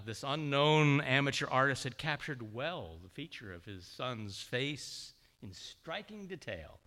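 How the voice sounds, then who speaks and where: A man's voice: medium pitch, bright, forceful tone. A man preaching a sermon, telling a story with feeling and briefly voicing the characters.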